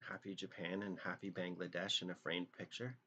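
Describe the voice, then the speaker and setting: A man's voice: sits low, level tone, brisk, sharp tone, lo-fi sound, a little hiss or hum. A young man chatting casually on a live drawing stream, rambling and joking, trailing off into half-remembered song lines.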